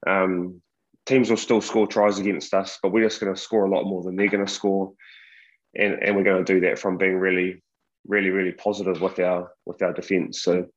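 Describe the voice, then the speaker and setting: A man's voice: deep voice, muffled recording. A man with a New Zealand accent, a rugby coach explaining his ideas in a podcast interview, earnest and full of restarts.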